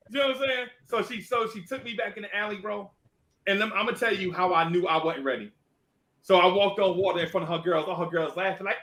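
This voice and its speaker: A man's voice: on the high side, fast, pushed and bright. A middle-aged man telling a comic story, acting out each character's voice. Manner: playful, acts out every character's voice. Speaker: podcast co-host.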